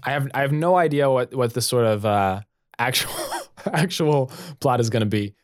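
A man's voice: mid-range voice, moderate pace, no room sound, studio quality. A man narrating an improvised story as co-host, playful, stopping to laugh and ask questions.

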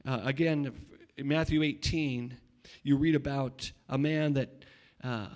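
A middle-aged male pastor preaching a sermon, swinging between loud shouting and quiet asides, often repeating words and restarting. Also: medium pitch, fairly even intonation, measured pace.

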